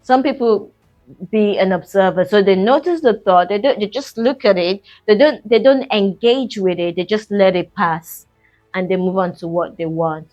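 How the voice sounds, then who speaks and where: A middle-aged woman talks as a mindset coach in a relaxed, chatty way, warmly pushing the listener along and calling her "sis". Her voice sits in an ordinary middle range. Soft music plays quietly underneath. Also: medium pitch, normal speed, dull audio. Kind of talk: casual coaching talk.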